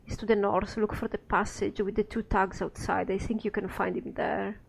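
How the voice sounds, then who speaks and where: A woman's voice: mid-range voice, level tone, normal speed, gravelly, breathy edge, rough recording. A woman reading the lines of a nervous, bitter woman informant, speaking in a weary, resigned way. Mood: wary.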